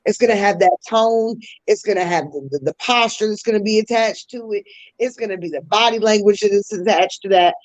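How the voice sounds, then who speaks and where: A woman's voice: mid-range voice, a little fast, low-quality recording. A woman hosting a podcast, explaining communication styles in a teaching tone with casual slang asides. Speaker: podcast host.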